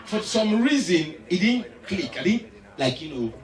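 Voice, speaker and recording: A man's voice: high voice, sing-song, a little slow, recorded from a distance. A man doing stand-up comedy, telling a story animatedly and slipping into acted voices, recorded live on stage in an echoey hall. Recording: echoey live hall, mic from afar, crowd.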